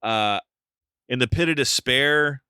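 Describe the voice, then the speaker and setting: Man, podcast co-host, wry movie recap, crisp dry sound. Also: medium pitch, takes it slowly, pushed and bright, no echo. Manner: wry, joking recap of the plot. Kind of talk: casual film discussion.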